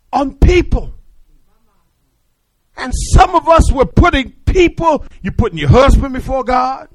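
A man preaching a sermon in call-and-response style, swinging from shouted declarations to hushed, confiding asides. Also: very high-pitched, no echo, low-quality recording.

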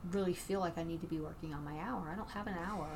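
A woman's voice: lowish voice, fast talker, vocal fry, crowd noise. A woman stand-up comedian talking casually, rambling and repeating herself as she thinks aloud. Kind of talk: casual chat.

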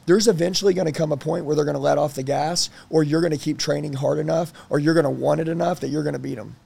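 A man in his thirties telling personal stories in a casual interview, blunt and animated, swearing freely. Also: fairly high pitch, fast talker, vocal fry, slightly rough. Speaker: guest.

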